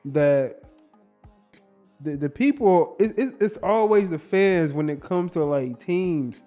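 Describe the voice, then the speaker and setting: A man co-hosting a podcast, talking in a relaxed, reflective way. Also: on the high side, slow, soft background music. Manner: relaxed, reflective, sports-savvy. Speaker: podcast co-host. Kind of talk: casual chat.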